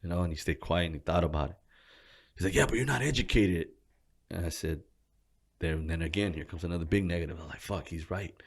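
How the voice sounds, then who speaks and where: A man's voice: level tone, fast, breathy edge. A young man telling his life story in a casual interview, swearing freely and acting out the people he quotes. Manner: swears constantly, acts out quoted people with a raised voice; laughs while telling, drops to a low murmur when reflective.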